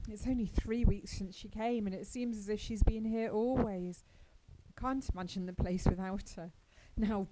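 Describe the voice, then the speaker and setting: A woman reading aloud as a stern, practical older spinster who scolds briskly but is secretly fond. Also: mid-range voice, background noise, close to an everyday voice. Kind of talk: audiobook character reading.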